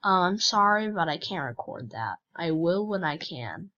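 A woman's voice: fairly low pitch, sing-song, moderate pace, sharp tone, muffled recording. A woman hosting a gaming channel, chatting casually and teasing other players as she plays. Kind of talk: casual game commentary.

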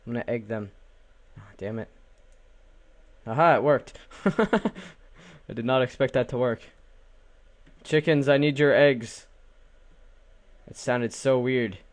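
A man's voice: mid-range voice, unhurried, pauses often. Goofy young man narrating his gameplay. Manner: goofy, talks to the animals, repeats words in a silly chant. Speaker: gaming channel host. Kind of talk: casual let's play commentary.

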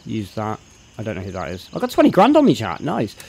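A young man talks through a game live, thinking aloud as he sorts his gear. He chats casually with his viewers and greets them in a loud, upbeat burst. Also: on the low side, wildly swooping pitch, quick pace, vocal fry, husky. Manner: chatty, thinks aloud, greets chat loudly. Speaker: game streamer. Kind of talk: live gameplay commentary.

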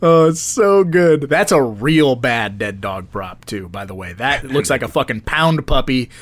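A man's voice: mid-range voice, expressive, unhurried, dry recording. A man co-hosting a film podcast in casual chat, swearing freely and laughing often. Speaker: podcast co-host.

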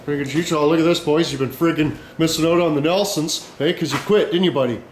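A young man vlogging outdoors on a handheld camera, rambling and joking loudly with plenty of slang and swearing. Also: on the high side, fast talker, a little hiss or hum. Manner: loud, profane, joking banter with lots of slang. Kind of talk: casual rambling vlog chat.

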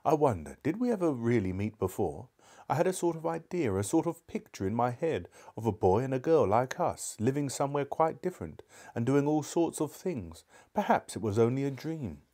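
Storybook girl, dreamy and bossy, put on by a male reader with a softened, mellow tone. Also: medium pitch, very animated, normal speed, voice pushed up. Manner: dreamy then insistent.

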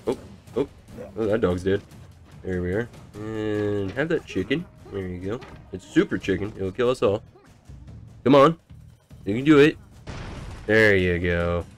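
A man from the United States giving casual, deadpan, sarcastic commentary over his gameplay, swearing freely and rambling with fillers and restarts. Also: lowish voice. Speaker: gaming channel host.

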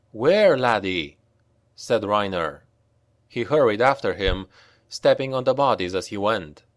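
A man reads a grim fantasy novel aloud at an unhurried pace. His pitch rises and falls vividly as he tells the tale, and the recording is close and dry. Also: no echo. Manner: measured, deliberate storytelling with voiced characters. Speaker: audiobook narrator. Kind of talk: dramatic fantasy audiobook narration.

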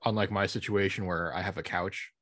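A man's voice: low-pitched, fairly even intonation, fairly quick, a bit bright, no echo. A man in his thirties chatting casually as a podcast cohost, rambling and trailing off, laughing often, over a call mic. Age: 30s. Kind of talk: casual chat. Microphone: remote call mic.

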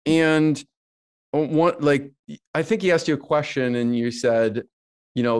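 A man's voice: a little high, steady tone, a little slow, pauses often, darkish tone, clean tone. A man hosting an interview, asking questions hesitantly with many fillers. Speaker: interview host.

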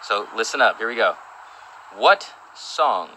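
A man chatting casually on a livestream from home, upbeat and relaxed as he promotes upcoming shows. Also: fairly low pitch, unhurried, slight background noise, rough recording. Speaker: co-host of a livestream. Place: their home.

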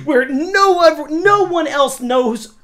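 Young male podcast host, American, rowdy storyteller who yells and laughs. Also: extremely high pitch, slow pace, a little hiss or hum. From United States. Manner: animated, yelling and laughing through a story. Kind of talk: casual storytelling.

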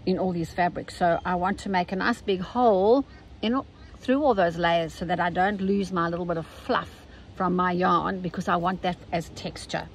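A South African woman, older, talking casually and gently through an embroidery tutorial step by step. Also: fairly low pitch, normal speed, a little hiss or hum, poor audio. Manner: chatty, gentle step-by-step instruction. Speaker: embroidery teacher.

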